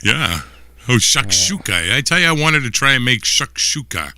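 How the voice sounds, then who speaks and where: A man's voice: medium pitch, sing-song, moderate pace, pushed and bright, a little hiss or hum. A man, co-hosting a casual political livestream chat, rambling with restarts and frequent laughter. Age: 50s. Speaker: livestream co-host.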